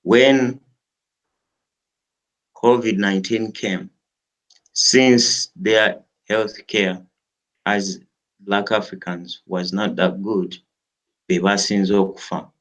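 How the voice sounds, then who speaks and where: A man's voice: lowish voice, steady tone, slow, pauses often, fairly bright tone. A man giving an earnest, rallying political speech to his audience. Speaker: political commentator.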